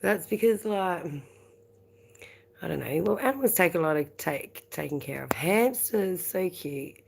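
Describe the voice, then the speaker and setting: Australian woman, live-stream host, chatty and rambling, low gravelly voice. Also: lively intonation, measured pace, slight background noise. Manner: chatty and rambling, laughs often. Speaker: livestream host. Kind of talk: casual live-stream chat.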